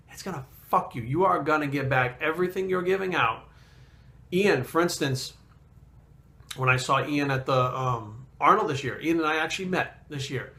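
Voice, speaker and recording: A man, a fitness trainer, telling a story in a casual vlog, blunt and animated and swearing constantly. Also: medium pitch, vocal fry.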